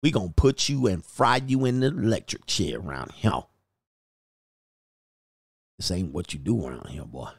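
Man doing an old small-town judge, bigoted, menacing, slow taunting drawl, dry close sound. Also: sits low, lively intonation, vocal fry, slightly rough, dry recording, pitched below the performer's own voice, full character voice. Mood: threatening. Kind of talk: mock role-play on a livestream.

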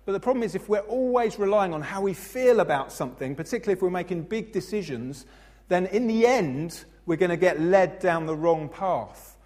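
A man in his thirties preaching a sermon as pastor, expressive and playful, acting out voices in his stories. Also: high voice, a little fast. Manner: expressive, acts out funny voices in anecdotes. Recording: long hall reverb.

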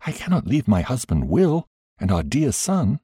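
A man's voice: lowish voice, wildly swooping pitch, moderate pace, dark tone, breathy edge, no echo, clean studio sound, voice pushed up, heavily acted. A man voicing a frail sick woman who speaks earnestly and pleadingly in a raised, yearning voice.

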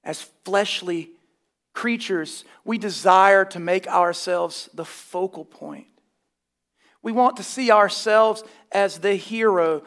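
This man's voice is high and a little bright as he delivers a sermon. Emphatic and scornful toward false teaching, he mixes straightforward lessons with dry, wry remarks.

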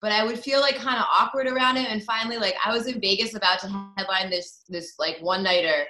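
A woman's voice: mid-range voice, fairly even intonation, fast, bright, forceful tone, soft background music. A woman comedian telling a story bluntly and candidly as a podcast guest. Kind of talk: casual storytelling. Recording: roomy echo.

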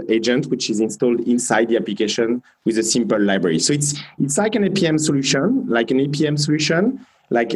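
A man from France with a French accent, a company founder answering interview questions in measured speech full of fillers. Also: mid-range voice, rough recording. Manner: measured, many fillers and restarts.

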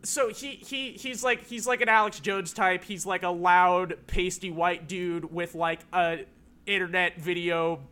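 A high-voiced man chatting on a podcast. He rambles and restarts, leaning heavily on filler words and swearing casually. His tone is bright and sharp. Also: fairly even intonation, a little slow. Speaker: podcast co-host. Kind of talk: casual chat.

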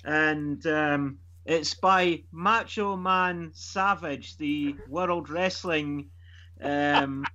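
A man with a fairly high voice, chatting casually and hesitantly among friends. He rambles through an anecdote with fillers. The sound is muffled and lo-fi. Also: drawn-out words, sharp tone. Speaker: comic book club member. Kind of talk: casual group chat. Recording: dull lo-fi sound.

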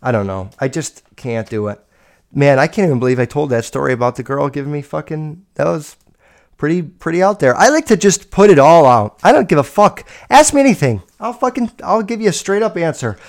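A young man tells stories on his own podcast in a blunt, rambling way, swearing all the time. His voice sits a little high for a man. He swings between loud, excited bursts and quiet, low mutters. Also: a little fast. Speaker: podcast host. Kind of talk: casual solo podcast storytelling.

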